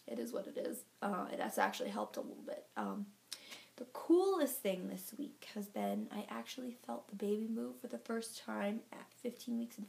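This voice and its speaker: Woman, vlogger, casual chat to camera, gravelly fry, slightly out of breath, rambling with lots of fillers. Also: mid-range voice, darkish tone. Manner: chatty, filler-heavy storytelling. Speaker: vlogger giving a pregnancy update.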